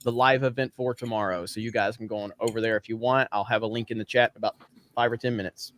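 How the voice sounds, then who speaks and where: A man's voice: lowish voice, fairly even intonation, quick pace, fairly bright tone, dry recording. A man co-hosting a casual livestream, joking and laughing often. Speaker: co-host.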